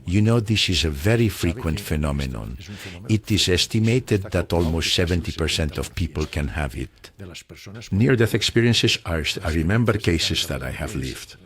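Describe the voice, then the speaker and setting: An older man from Spain, a retired surgeon, answering interview questions in a calm, earnest, reassuring way. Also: sits low, normal speed.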